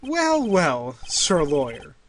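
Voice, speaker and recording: A man's voice: fairly high pitch, huge pitch swings, slow, a bit bright, slight background noise, exaggerated voice. A man voicing a brusque older male judge with a put-on Canadian accent and a dismissive manner. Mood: gruff.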